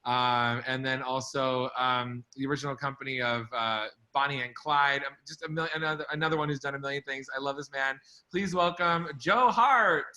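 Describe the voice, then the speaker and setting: A man's voice: mid-range voice, normal speed, sharp tone. A man co-hosting a casual chat who laughs easily and introduces guests fondly. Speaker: co-host.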